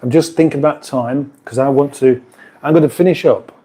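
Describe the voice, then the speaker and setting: A man's voice: mid-range voice, steady tone, fairly quick, dark tone. A British man hosting a casual live stream from a kitchen, chatting in a rambling way and reading out viewer comments. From United Kingdom.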